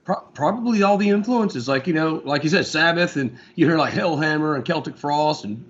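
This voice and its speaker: A man's voice: on the high side, fairly quick. Rambling man with a dull lo-fi sound. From Florida, USA. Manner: relaxed, rambling, lots of fillers. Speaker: guest guitarist. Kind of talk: casual interview chat.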